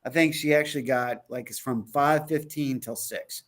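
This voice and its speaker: A man's voice: medium pitch, steady tone, normal speed. A man co-hosting an online talk show, telling a trip story in casual chat, acting out quotes and laughing often. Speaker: podcast co-host.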